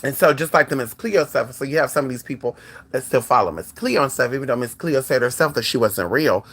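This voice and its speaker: A channel host in casual talk to viewers, sassy and animated, profane, sprinkling "girl" and "honey" through every thought. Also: fairly quick, husky. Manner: sassy and animated, swinging pitch often; peppers speech with "girl" and "honey".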